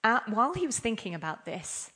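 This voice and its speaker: A woman's voice: fairly high pitch, big pitch swings, brisk, sharp tone, breathy edge. A woman giving an interactive scripture class, playful and laughing often as she quizzes her listeners. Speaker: class speaker.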